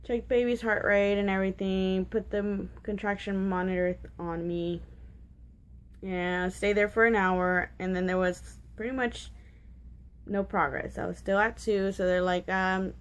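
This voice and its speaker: A woman in her twenties tells a personal story in a casual vlog, her medium-pitched voice steady and clean at a measured pace. She rambles candidly, full of fillers and restarts, and giggles about the awkward details.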